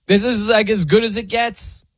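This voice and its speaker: A man hosting sports talk radio, chatty and animated, often laughing as he tells the story. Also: sits high, normal speed, dry recording. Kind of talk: casual sports talk monologue.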